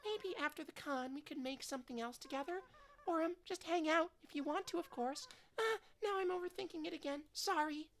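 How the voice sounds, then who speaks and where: A woman's voice: sits high, brisk, a bit bright, a little hiss or hum, voice pushed up. A woman voicing a shy, overexcited young woman who rambles awkwardly and trips over herself. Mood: flustered.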